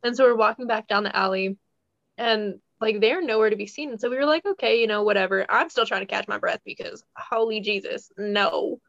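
A woman co-hosting a podcast, telling a story in a rambling, animated casual way and laughing as she goes. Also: medium pitch, brisk, gravelly, no echo, highs cut off. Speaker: podcast co-host.

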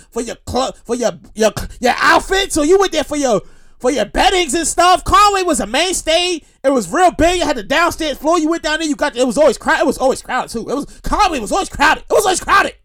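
A man with a New York accent hosts his own show, riffing through stories in a casual, profane monologue. His voice sits high and swings widely as he repeats himself for effect. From Brooklyn, New York. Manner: animated, profane, repetitive storytelling. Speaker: podcast host.

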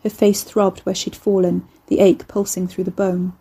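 Mellow-voiced woman narrating horror. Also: medium pitch, little pitch movement, normal speed, hardly any pauses, husky. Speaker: audiobook narrator. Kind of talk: scripted narration of a horror novel.

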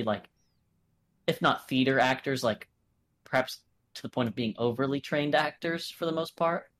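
An American man co-hosting a casual podcast, reviewing films in a lively, profane way and acting out quotes. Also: medium pitch. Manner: animated, profane, acts out quoted voices. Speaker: podcast co-host. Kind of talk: casual film review chat.

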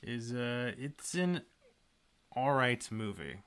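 A man's voice: medium pitch, very animated, takes it slowly, fairly bright tone, clear, resonant tone. A man co-hosting a casual podcast, agreeable and hesitant, with many fillers. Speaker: podcast co-host. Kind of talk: casual chat.

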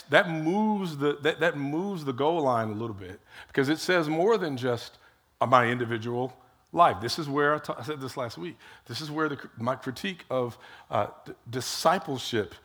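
A man preaching a sermon in an animated way, asking rhetorical questions, acting out quotes and often restarting his phrases. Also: medium pitch, breathy edge. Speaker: pastor.

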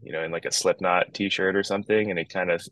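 A very low-voiced man from Northern Ontario in a relaxed, rambling podcast chat, often restarting his sentences. He talks from his backyard over a video call. The sound is dry and close. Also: fast, no room sound, poor audio. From Northern Ontario, Canada. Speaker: guest musician.

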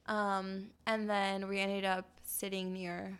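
A woman's voice: medium pitch, completely flat delivery, takes it slowly, fairly bright tone, clear, resonant tone. A woman guest on a podcast, telling a long story in a chatty, casual way and often breaking into laughter.

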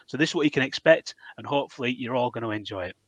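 Man, Hull accent, podcast host, matey banter, middle pitch, dry close sound. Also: animated, racing, a bit bright, dry recording. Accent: Hull, Yorkshire. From Hull, England. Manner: matey, laughs easily, banters. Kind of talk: casual podcast hosting.

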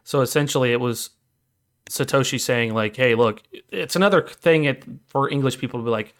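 A man co-hosting a podcast in casual chat, profane and retelling scenes with quick acted quotes. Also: medium pitch, a bit bright. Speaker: podcast co-host.

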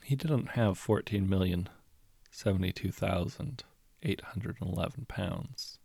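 A man reading a short story aloud as narrator, in a measured, understated storytelling manner. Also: low voice, vocal fry, warm tone, slightly rough, no echo. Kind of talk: scripted audiobook narration.

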